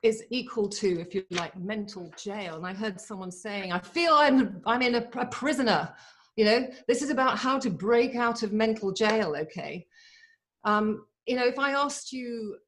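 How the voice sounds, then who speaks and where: A woman in her forties giving a motivational talk over a video call, eager and chatty, speaking in quick bursts. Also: medium pitch. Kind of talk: live online motivational talk.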